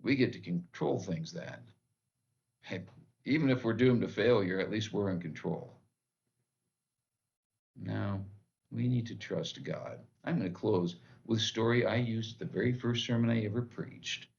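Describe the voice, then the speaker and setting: Male pastor, devotional sermon; gravelly, lowish voice; earnest and plain-spoken; lo-fi sound. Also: measured pace, a little mellow. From United States. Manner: earnest, plain-spoken preaching with short repeated phrases.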